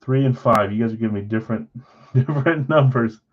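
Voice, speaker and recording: Man, card break host, casual stream chat, self-deprecating, mid pitch, slightly muffled audio. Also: a little fast. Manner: self-deprecating, chatty, talks to chat viewers.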